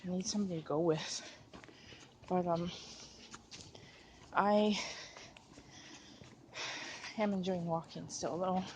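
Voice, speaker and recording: A woman's voice: lowish voice, steady tone, takes it slowly, pauses often, darkish tone, slight background noise. A young woman chatting casually to her camera while walking through woods at dusk, a little out of breath and giggly. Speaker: vlogger. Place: outdoors in a forest at dusk. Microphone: handheld camera while walking.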